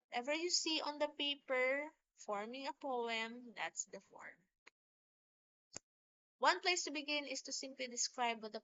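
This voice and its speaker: A woman teacher giving a recorded lecture on poetry, explaining slowly and deliberately with small restarts. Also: high voice, sharp tone, lo-fi sound.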